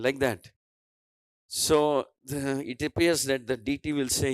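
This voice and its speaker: A man's voice: mid-range voice, fairly even intonation, unhurried, no echo, low-quality recording. A man with an Indian English accent giving a devotional scripture class, telling a story and voicing its dialogue with many restarts and fillers.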